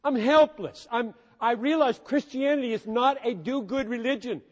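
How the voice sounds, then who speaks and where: A high-voiced man preaches with fervor, dropping low and quiet before rising into loud, pleading emphasis. His voice rings out in a large hall with a long, trailing reverb. It is the sound of a live sermon. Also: normal speed, lo-fi sound. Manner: impassioned, swinging between quiet and loud emphasis. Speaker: pastor.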